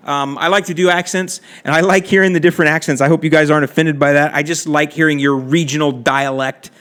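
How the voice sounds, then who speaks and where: A Florida man hosts a casual lawn care podcast, fielding listener questions with chatty, friendly advice and the odd aside. His voice is fairly high and fairly bright, with fairly even intonation and a fairly quick pace.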